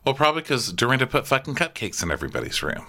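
A man's voice: medium pitch, big pitch swings, very fast, pushed and bright. A man co-hosting a comedy podcast, chatting casually and mocking reality TV stars. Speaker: podcast co-host. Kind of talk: casual comedic recap chat.

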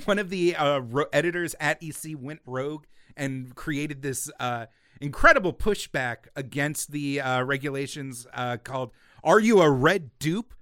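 A man co-hosting a casual podcast, retelling a comic book story and acting out quoted lines in an animated way. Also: a little high, unhurried, no room sound, clean studio sound. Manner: animated, acts out quoted lines, gets loud and worked up. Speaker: podcast co-host.

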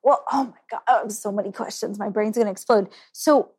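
A woman's voice: mid-range voice, a little fast, a little mellow, husky. A woman hosting a podcast interview, effusive and enthusiastic. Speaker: podcast host. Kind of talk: interview conversation.

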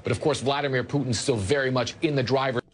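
A male news correspondent giving a measured live report. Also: mid-range voice, husky. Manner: measured, informative.

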